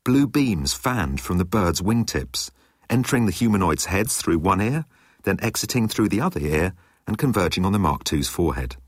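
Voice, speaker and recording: A man narrating an audiobook in an expressive reading style. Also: low voice, normal speed, slightly rough, no echo, studio quality. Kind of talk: scripted narration.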